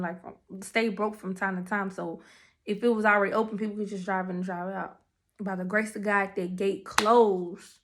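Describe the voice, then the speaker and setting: A young woman telling her testimony in casual, animated storytelling, talking straight to her viewers. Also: on the high side. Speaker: testimony speaker.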